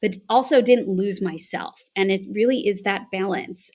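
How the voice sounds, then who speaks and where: A woman's voice: on the high side, moderate pace, hardly any pauses. A woman with an American accent, a voice and accent coach, telling a reflective story as an interview guest. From United States. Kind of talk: conversational interview answer.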